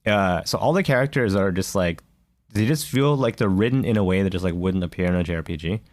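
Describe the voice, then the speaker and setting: A man with a low, deep voice talks through a game in a loose, rambling podcast chat. He keeps circling back with fillers and restarts as he finds his words. The sound is close and dry, with no room around him. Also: quick pace, no echo. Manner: hesitant, many fillers and restarts. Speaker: podcast co-host. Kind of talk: casual chat about video games.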